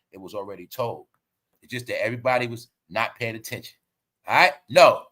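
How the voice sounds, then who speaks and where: A man hosting an online commentary show, ranting loudly and mockingly, full of slang and swearing. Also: mid-range voice.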